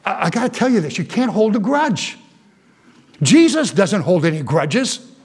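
High-voiced preacher, loud then hushed. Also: male voice, very animated, moderate pace, breathy edge. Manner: swings between loud exhortation and hushed, intimate asides; stammering restarts, folksy preaching. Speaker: Baptist preacher. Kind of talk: sermon.

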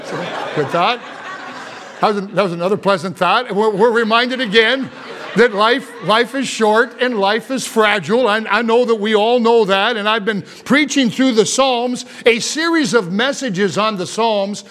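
High-voiced older preacher, folksy. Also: male voice, fairly bright tone. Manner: folksy, storytelling, building to fervent emphasis. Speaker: pastor. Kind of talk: sermon.

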